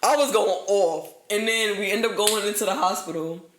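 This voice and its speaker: A young woman, co-hosting a podcast, telling stories in an animated, profane way and laughing through them. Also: mid-range voice, moderate pace, a little hiss or hum. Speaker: podcast co-host. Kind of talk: casual storytelling chat. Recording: echoey room.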